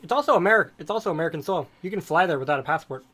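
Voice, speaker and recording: A man's voice: a little high, lively intonation, racing, background noise. Rambling man in casual chat. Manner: rambling, digressive storytelling. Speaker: podcast co-host.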